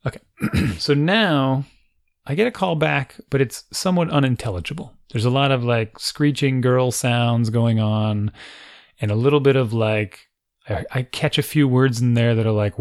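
A man's voice: mid-range voice, moderate pace, no room sound, clean studio sound. A man in his forties casually telling a funny family story, acting out quotes and laughing often.

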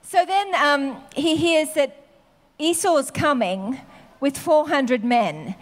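A woman preaches a sermon in a chatty, unscripted way. Her voice is high, and she often pauses with fillers before going on. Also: expressive. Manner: conversational, with many fillers.

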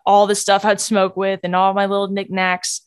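A woman hosting a podcast, telling a personal faith story in an earnest, candid way that often drops to a hush. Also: mid-range voice, monotone, moderate pace, clear, resonant tone, no room sound, studio quality. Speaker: podcast host.

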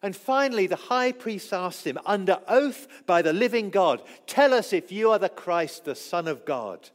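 A man preaching a sermon who acts out the quoted voices and swings between loud and soft. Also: high voice, animated, normal speed. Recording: long echo of a church hall.

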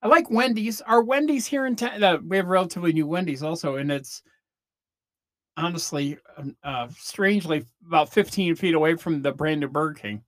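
A man's voice: a little high, fairly quick, no echo. Chatty fifty-something man, dry sound. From Northern Illinois, USA. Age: 50s. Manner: chatty, meandering, swears casually. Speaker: podcast host. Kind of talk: casual rambling monologue.

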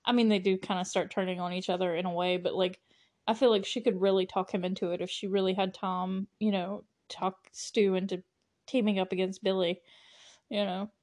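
A woman's voice: medium pitch, level tone, a little fast, a little mellow. A woman hosting a podcast, recapping a film in a chatty, casual way with lots of fillers and frequent laughter. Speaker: podcast host.

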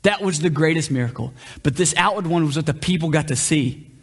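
A man's voice: on the high side, a little fast, slightly rough. A male pastor preaching a conversational sermon, often asking the room questions. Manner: conversational, asks the room questions, varies pace. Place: church hall. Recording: long reverb of a hall.

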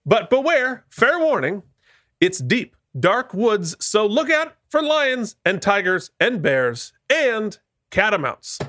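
A man co-hosting a casual podcast, animated and playful, laughing often as he reads listener mail. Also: high-pitched, slow, no echo, studio quality. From Vermont. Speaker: podcast co-host.

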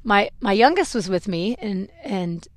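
A woman's voice: mid-range voice, animated, a little slow, no room sound, studio quality. A middle-aged woman hosting a podcast, telling a personal story in a candid, rambling, self-reflective way. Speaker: podcast host.

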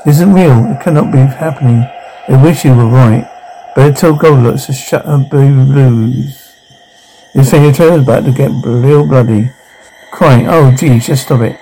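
A man reading a horror show's captions aloud, sound cues included, in an even, uninflected way with brief stumbles. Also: medium pitch, gravelly, a little hiss or hum, rough recording.

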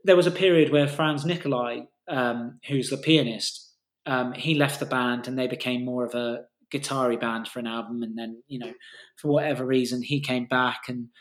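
A man's voice: mid-range voice, fairly even intonation, moderate pace. Rambling enthusiastic man, roomy sound. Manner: enthusiastic, rambling, with restarts and mild swearing. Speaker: podcast co-host. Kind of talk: casual music podcast chat.

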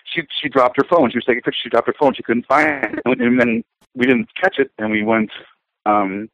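A man's voice: mid-range voice, wildly swooping pitch, brisk, gravelly, a little hiss or hum. A middle-aged man talking casually, rambling and hesitant, with many fillers and restarts. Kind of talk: casual conversation. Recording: dull lo-fi sound.

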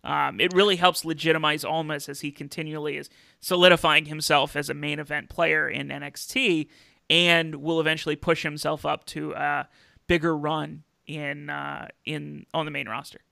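Bright, gravelly man talking wrestling. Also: on the high side, little pitch movement, normal speed, no echo. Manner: chatty, with many fillers and restarts. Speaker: podcast host. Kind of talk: casual wrestling talk.

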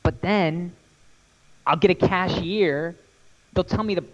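A young man in casual podcast chat, rambling and animated, swearing freely as he tells stories. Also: high-pitched, slow, dull audio. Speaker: podcast co-host.

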